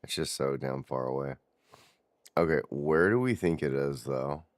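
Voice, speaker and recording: A man's voice: rumbling low, normal speed, no echo, clean studio sound. A man streaming a game, chatting casually with viewers and swearing offhand as he plays. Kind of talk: casual gameplay commentary.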